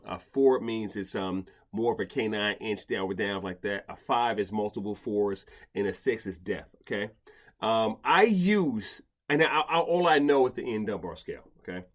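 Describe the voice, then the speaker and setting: Stammering man in casual chat. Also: lowish voice. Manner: rambling with many restarts and stammers. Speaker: podcast host, dog behavior expert.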